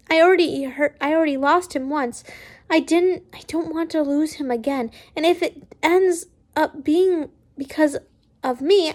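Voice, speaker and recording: A woman reading fan fiction aloud casually, stumbling and correcting herself often. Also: high-pitched. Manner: stumbling, frequent restarts and self-corrections.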